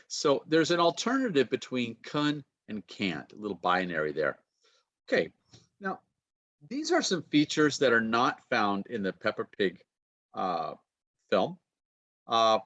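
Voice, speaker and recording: A man's voice: medium pitch, fairly bright tone. A man giving an online pronunciation lecture, chatty and checking in with his listeners. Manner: chatty, peppers talk with "okay" and checks in with listeners. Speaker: university lecturer. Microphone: computer mic on a video call.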